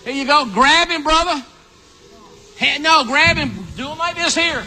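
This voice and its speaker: A man preaching an animated sermon, acting out a story with volunteers and calling out to the congregation. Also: normal speed, in a large hall, very noisy. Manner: animated, calls out to the audience, builds to excited high shouts.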